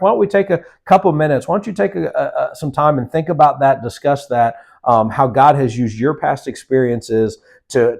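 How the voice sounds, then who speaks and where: A man's voice: mid-range voice, darkish tone. A man teaching a Sunday School lesson in a conversational way, with frequent restarts and self-corrections. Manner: conversational, acts out voices in quotes, halting restarts. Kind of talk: Bible study lesson.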